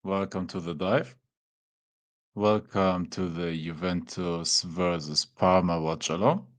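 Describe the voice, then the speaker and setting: A man's voice: sits low, slow. A man with a German accent, a native German speaker, hosting a casual live watchalong and chatting to viewers with easygoing fillers. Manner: relaxed, chatty, talks to chat with fillers like "man". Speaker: watchalong host. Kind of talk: casual live-stream chat.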